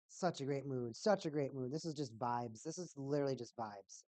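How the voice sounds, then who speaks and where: A woman's voice: rumbling low, normal speed, mellow, dry recording. A woman hosting a hockey watch party stream, chatting casually and playfully, rambling and repeating phrases in a sing-song way. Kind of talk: casual livestream chat with play-by-play.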